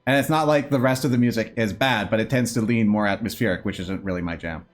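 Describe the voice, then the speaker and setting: A man chatting casually on a game stream, making dry, measured remarks. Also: fairly low pitch. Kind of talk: casual chat while playing. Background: game music.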